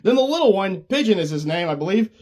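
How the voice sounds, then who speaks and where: A man's voice: high voice, very animated, fast, darkish tone. A man casually recapping an old cartoon special, laughing often as he talks. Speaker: cartoon reviewer.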